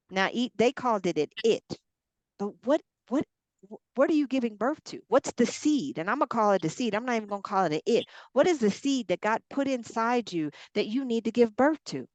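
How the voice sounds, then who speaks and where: A woman ministry coach, preaching with steady repetition and calling her listeners y'all. Her voice sits at a middle pitch. It is recorded close and dry, with almost no room sound. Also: dry recording. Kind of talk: encouraging preaching on a group call.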